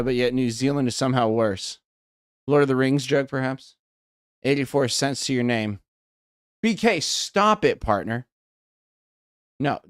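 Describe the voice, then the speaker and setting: A man's voice: mid-range voice, clear, resonant tone, no room sound, clean studio sound. A young man with a West Coast American accent chatting casually on a livestream, rambling, swearing and thinking aloud as he reads chat. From United States. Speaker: streamer.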